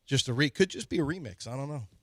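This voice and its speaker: A man's voice: mid-range voice, lively intonation, fast, no room sound. A middle-aged man with an ordinary mid-range voice, co-hosting a sports radio show. He rambles playfully and speculates on tangents in casual studio banter. The mic sound is close and dry.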